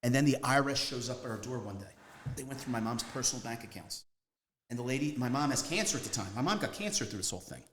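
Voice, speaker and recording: A man, speaking at a mid-range pitch for a man. He tells his story as a guest in a loose, rambling way, leaning hard on key words and hopping from one anecdote to the next. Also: animated, fast, fairly bright tone, a little hiss or hum. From Northeast Philadelphia. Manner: rambling, emphatic, jumps between stories. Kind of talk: casual storytelling interview.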